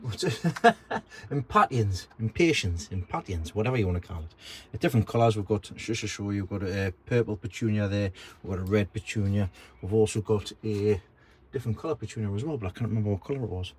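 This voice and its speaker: A man's voice: fairly low pitch, quick pace, dark tone, husky. A man vlogging casually about gardening and plants in his garden, chatty and self-deprecating. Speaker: allotment vlogger. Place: garden and allotment outdoors.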